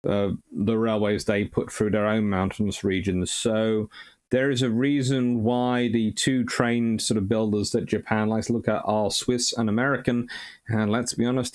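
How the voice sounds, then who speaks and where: A man's voice: lowish voice, clean tone. A man hosting a live stream, reading out viewer comments and answering them in a casual, rambling way with frequent ums and uhs. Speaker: host answering viewer questions.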